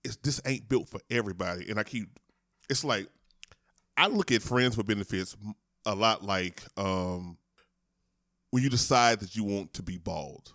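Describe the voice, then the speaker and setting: Man, animated, profane, co-host chat, dry recording. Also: on the low side, normal speed, pauses often, no echo. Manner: animated, profane, acts out quoted voices. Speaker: podcast co-host. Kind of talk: casual chat.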